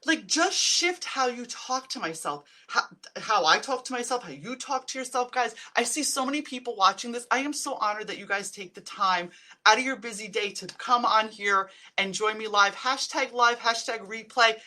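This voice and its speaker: A woman's voice: on the high side, moderate pace, sharp tone. A woman talking casually to viewers on a live stream as a stress relief coach, chatty and upbeat, often calling them guys. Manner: acts out quoted self-talk in changed voices.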